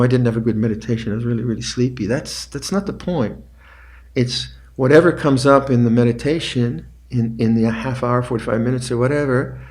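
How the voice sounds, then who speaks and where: An older man giving calm meditation instructions at a retreat, unhurried, often repeating phrases quietly. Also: mid-range voice. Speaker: meditation teacher. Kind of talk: dharma talk.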